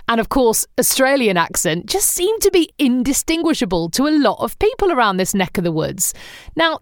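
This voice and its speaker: A woman's voice: medium pitch, dry recording, clean studio sound. A woman with an English accent, hosting a podcast in chatty, wry, humorous scripted storytelling. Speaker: podcast host.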